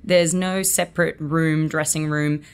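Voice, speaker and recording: A woman's voice: deep voice, fairly even intonation, measured pace, clean tone. A woman in her twenties with an Australian accent, chatting as an actress guest in an interview and telling stories with acted-out quotes. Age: 20s. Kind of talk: casual interview chat.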